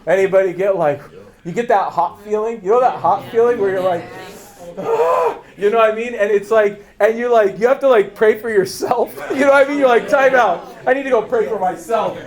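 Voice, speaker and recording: High-voiced man preaching fervently. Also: brisk, a little mellow. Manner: emphatic and repetitive, drives points home with rhetorical questions; blunt and confrontational with bursts of laughter. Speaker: agency leader addressing his team.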